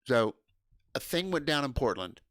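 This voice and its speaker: A man hosting a casual livestream, loud and excitable, swearing and laughing often. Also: medium pitch, moderate pace, dry recording, clean studio sound. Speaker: livestream host.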